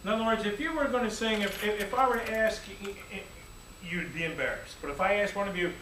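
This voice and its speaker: A man, a music teacher, giving a lively, playful classroom lecture full of demonstrations. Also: high voice, fast, noisy background. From United States. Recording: echoey room, distant mic, faint ambience.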